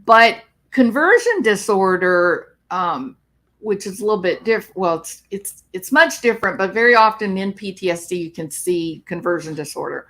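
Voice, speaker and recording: A woman's voice: medium pitch, expressive, normal speed, fairly bright tone. A woman psychologist talking on a live stream, explaining clinical topics and answering viewer comments.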